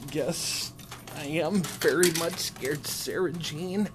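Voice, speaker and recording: A man voicing a timid, jittery, easily frightened man in a slow, quavering voice, on noisy handheld camera audio. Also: fairly high pitch. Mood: scared.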